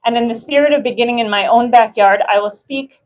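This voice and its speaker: A woman's voice: on the high side, fast talker, muffled recording, a little hiss or hum. Impassioned woman giving a rally speech. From United States. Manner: emphatic, repetitive build-ups. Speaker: rally speaker.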